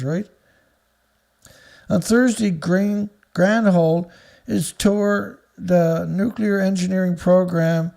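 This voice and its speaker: A man's voice: fairly high pitch, gravelly, mellow. A man hosting an angry, profane commentary show, reading out headlines and then ranting about them with insults. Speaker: news commentary host.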